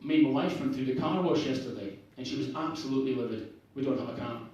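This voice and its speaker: Speaking fast at a medium pitch with a slightly mellow tone, this northeast Scottish man rambles through a self-deprecating stand-up set at a bar open mic. There's slight background noise, and the bar sounds echoey, as if heard from afar.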